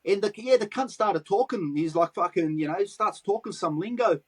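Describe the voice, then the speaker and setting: A man's voice: high voice, moderate pace, slightly rough, low-quality recording. A man with a Western Sydney Australian accent, telling stories in a casual interview and swearing freely in street slang. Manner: profane street slang, acts out quoted dialogue. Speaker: guest, graffiti artist.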